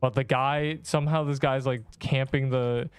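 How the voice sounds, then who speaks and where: A man's voice: medium pitch, fairly even intonation, normal speed, smooth, no echo. A young man chatting casually with his viewers while he plays a video game, rambling and slangy. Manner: rambling, slangy, talks to chat while playing. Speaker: streamer. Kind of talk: casual gaming livestream chat.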